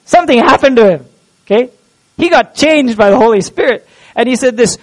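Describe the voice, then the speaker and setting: A man with a high-pitched voice preaches in church as the pastor. He talks earnestly and keeps putting questions to his listeners. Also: animated, normal speed, low-quality recording. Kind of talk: sermon.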